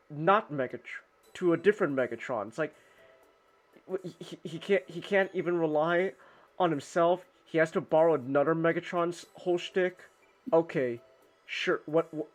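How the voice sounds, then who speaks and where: A man streaming casually while drawing, rambling with lots of restarts and swearing. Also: fairly high pitch.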